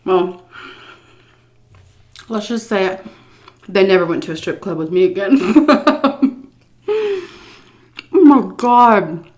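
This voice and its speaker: A woman's voice: medium pitch, takes it slowly, long pauses. A woman vlogger telling a casual story-time tale, laughing often, blunt and profane, and embarrassed at herself. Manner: self-mocking, embarrassed confessional tone.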